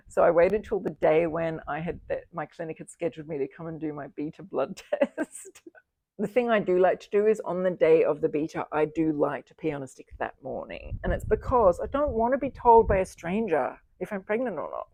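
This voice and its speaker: A woman's voice: lowish voice, expressive, fairly quick, creaky, a little mellow, no echo. A fifty-year-old woman telling her personal story to the camera, candid and reflective, often breaking into laughter. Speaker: single mother sharing her fertility journey.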